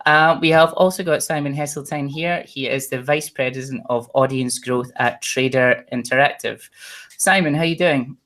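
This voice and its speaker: A man's voice: medium pitch, steady tone, moderate pace, fairly bright tone. Joking, teasing male webinar host. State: energetic from caffeine. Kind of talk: casual panel introductions.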